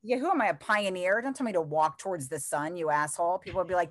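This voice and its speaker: Low-voiced woman with blunt, profane humor. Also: fast, no room sound, studio quality. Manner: blunt, profane, self-deprecating storytelling. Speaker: comedian and podcast host. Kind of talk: casual chat.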